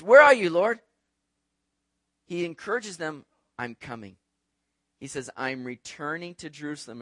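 A man, a pastor, preaching a sermon in an animated, conversational way, with frequent rhetorical asides to the congregation. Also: sits high, no room sound, studio quality.

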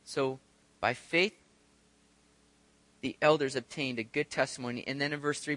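Bright-voiced male pastor preaching. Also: mid-range voice, steady tone, moderate pace, pauses often, no room sound. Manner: conversational preaching, acts out voices in the stories. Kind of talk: sermon. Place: church sanctuary.

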